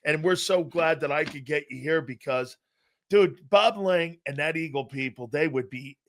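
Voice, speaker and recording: High, bright-voiced excitable male show host. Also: moderate pace. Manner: enthusiastic, effusive, retelling anecdotes. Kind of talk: casual sports talk show chat.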